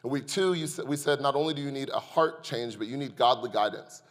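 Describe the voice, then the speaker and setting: Joking pastor preaching in a reverberant hall. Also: male voice, medium pitch, fairly quick. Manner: lively, joking storyteller who addresses the congregation. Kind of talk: sermon with humorous storytelling. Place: church sanctuary.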